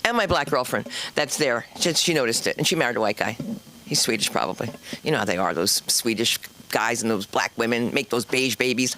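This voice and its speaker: A woman's voice: a bass voice, brisk, fairly bright tone, slight background noise. A woman hosting a stand-up comedy night, chatty and teasing the audience. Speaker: comedy show host. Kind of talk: stand-up crowd work. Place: comedy club stage.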